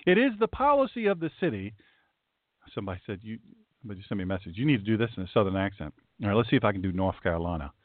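A man's voice: on the low side, big pitch swings, rapid-fire, no echo. A man, a pastor doing political commentary, reads legal text aloud with emphatic, indignant asides. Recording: tinny phone-like dry sound.

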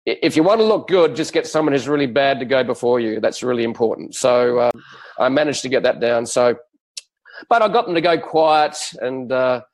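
A man in his fifties with an Adelaide Australian accent, a guest on a live podcast, relaxed and joking. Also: medium pitch, moderate pace, poor audio. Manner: relaxed, easygoing, joking with laughs.

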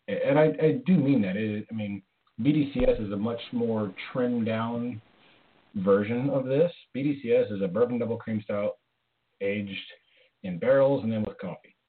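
Low-voiced host on a lo-fi line. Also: male voice. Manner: easygoing, hesitant with many fillers. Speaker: podcast host. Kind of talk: casual beer chat. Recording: lo-fi phone-like sound.

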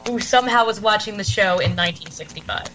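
A woman's voice: medium pitch, fast, a bit bright, soft background music, poor audio. A woman chatting as a guest on a podcast, enthusiastic and giggly, acting out quotes as she goes. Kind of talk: casual podcast chat.

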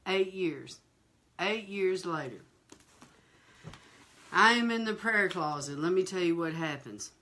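A woman hosting a fireside chat, telling a personal testimony in a lively, colloquial way and talking straight to her listeners. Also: lowish voice, slow pace, long pauses. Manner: animated, laughing, acts out quoted voices; colloquial, addresses listeners directly. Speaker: ministry host.

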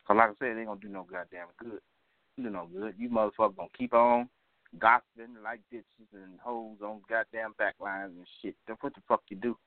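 A man's voice: lowish voice, expressive, a little fast, creaky, dry recording. A man hosting an open phone line, ranting and cursing at callers in a combative, repetitive way. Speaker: phone-line talk show host.

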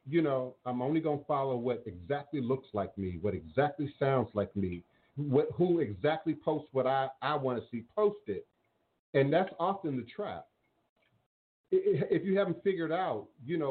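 A man hosting a call-in radio show, talking earnestly in a repetitive, preacherly cadence. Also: mid-range voice. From New Orleans, Louisiana. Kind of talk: call-in talk radio monologue. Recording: tinny phone-like line.

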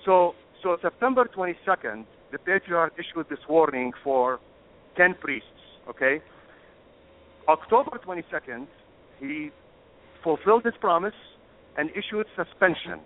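A man's voice: a little high, lively intonation, measured pace, long pauses. A man speaking as a guest on a call-in radio discussion, impassioned and emphatic, stopping to apologize for getting emotional. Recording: tinny phone line.

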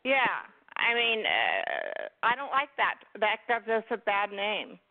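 A woman's voice: mid-range voice, huge pitch swings, slow pace, no echo. A woman on a talk show who disagrees in a firm, matter-of-fact way. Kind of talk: discussion on a call-in show. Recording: dry, tinny phone line.

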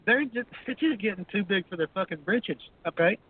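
A man's voice: sits high, lively intonation, a little fast, breathy edge. A man in his fifties on a call-in show, ranting crudely and combatively, with "okay" tacked onto nearly every line. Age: 50s. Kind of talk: profane ranting talk radio. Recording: phone-line audio.

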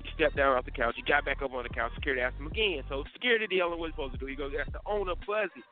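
A man rattles off a story at a fast clip, his voice sitting a little high. He talks with animated slang and keeps checking in with his listeners. The sound is thin and phone-like, with faint music behind him. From Durham, North Carolina. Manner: animated, street slang, many "you feel me" asides. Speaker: host of a live morning web show. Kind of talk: casual storytelling monologue.

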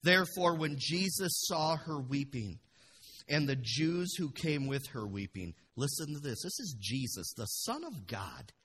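A man pastor preaching a passionate sermon in a church, dropping to a hush and then rising to loud bursts. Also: mid-range voice, big pitch swings, unhurried, husky. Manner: passionate, swings from hushed to loud.

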